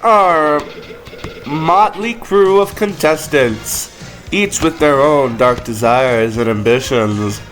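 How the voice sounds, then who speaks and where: A man voicing a theatrical, sinister game show host, speaking in a slow, drawn-out showman manner. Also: fairly high pitch, a bit bright, faint music behind. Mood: grandiose. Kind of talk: reading game dialogue aloud.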